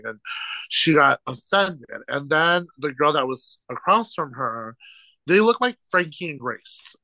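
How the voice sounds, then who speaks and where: A man who works as a drag show host, a guest on a podcast telling stories in an animated, laughing way and acting out quotes. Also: medium pitch, moderate pace, gravelly, no echo, low-quality recording. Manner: animated, laughs through stories, quotes people in lively voices. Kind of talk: casual storytelling chat.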